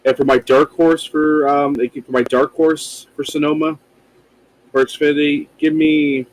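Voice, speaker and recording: A man's voice: on the high side, little pitch movement, unhurried, low-quality recording. A man co-hosting a casual podcast, talking loosely with frequent swearing and rambling asides. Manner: loose, profane, rambling with fillers. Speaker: podcast co-host.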